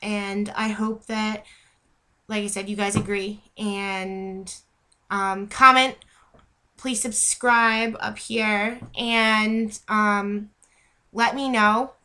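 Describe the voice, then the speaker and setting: A woman's voice: medium pitch, little pitch movement, very slow, bright, forceful tone. A young woman, a vlogger, ranting heatedly and rambling to camera, often breaking off mid-sentence and apologizing for repeating herself. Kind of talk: unscripted rant to camera.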